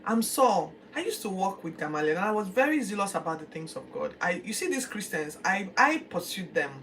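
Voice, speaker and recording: A woman's voice: medium pitch, big pitch swings, a little fast, fairly bright tone. A woman voicing the apostle Paul as an earnest, pleading grown man, telling his story in the first person, recorded from a distance. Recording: distant mic, faint background noise.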